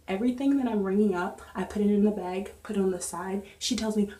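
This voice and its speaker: A young woman vlogger chatting through a storytime in an animated, lively way. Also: medium pitch, fast talker, few pauses. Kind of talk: storytime vlog. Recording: echoey room.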